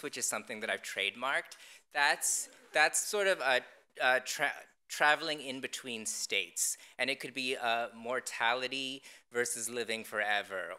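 A man presenting his design work in a public lecture, speaking in a deadpan, wry way with frequent ums and restarts. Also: mid-range voice, smooth.

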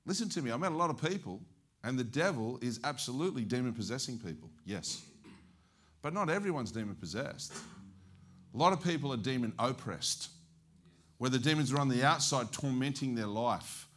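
A man with an Australian accent preaching as an evangelist, telling stories in a lively way and acting out the dialogue. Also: mid-range voice, fairly quick, breathy edge. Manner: animated, acts out dialogue. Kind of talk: storytelling sermon.

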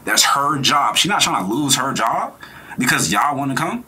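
Young male reaction streamer, bright husky voice, blunt and insistent. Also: medium pitch, big pitch swings, moderate pace. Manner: blunt, emphatic, repeats his point. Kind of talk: casual reaction commentary.

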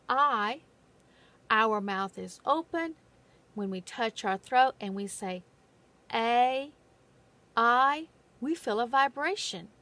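A woman giving a phonics lesson in a patient, deliberate way, stressing the key words. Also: fairly high pitch, a bit bright. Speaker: phonics teacher. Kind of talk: slow, careful classroom instruction.

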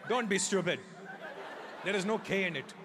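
A man's voice: high-pitched, moderate pace, close to an everyday voice. A man voicing a stubborn immigrant Indian father with a thick Indian English accent, blunt and indignant, recorded on a noisy live stage. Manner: indignant and matter-of-fact.

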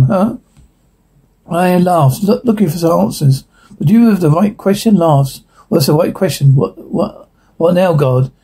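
A man's voice: on the high side, mellow, breathy edge, full character voice. A man voicing a friendly male parish priest who talks in an easygoing, joking way. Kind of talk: dramatic reading of a transcript.

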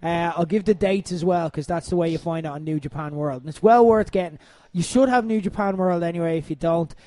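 A young Irish man with a high-pitched voice hosts a comedic wrestling podcast. He tells stories in an animated way, swears casually and laughs often, and he sounds dry and close to the mic. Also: brisk, dry recording.

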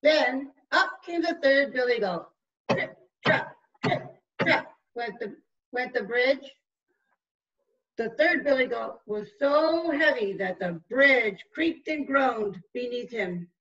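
A woman narrating a children's storybook, reading slowly and expressively. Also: on the high side, animated, a bit bright, far from the mic, highs cut off. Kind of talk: storybook read-aloud.

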